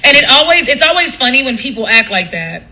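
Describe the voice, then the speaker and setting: A man's voice: extremely high pitch, sing-song, brisk, pushed and bright, poor audio. A man hosting a livestream, ranting casually in a blunt, profane, gossipy way. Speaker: livestream host.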